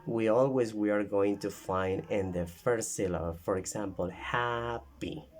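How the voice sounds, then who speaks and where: A man, a teacher explaining how he teaches word stress, pausing often with fillers and restarting his sentences. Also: lowish voice, fairly even intonation, a little mellow. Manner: halting, with many fillers and restarts. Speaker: English teacher.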